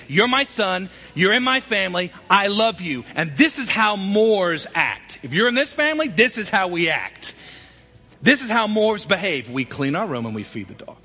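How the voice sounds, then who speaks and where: Bright-voiced preacher man. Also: high voice, husky. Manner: emphatic preacher, swings from loud to quiet. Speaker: pastor. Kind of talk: sermon. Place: church sanctuary.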